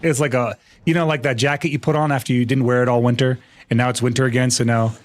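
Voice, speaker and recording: A man's voice: medium pitch, steady tone, fast. A man streaming live, chatting casually and joking playfully with his chat.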